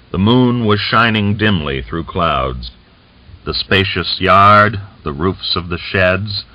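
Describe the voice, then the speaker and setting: A man narrating a novel as an audiobook in a steady, measured reading. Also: sits low. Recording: dull lo-fi audiobook recording.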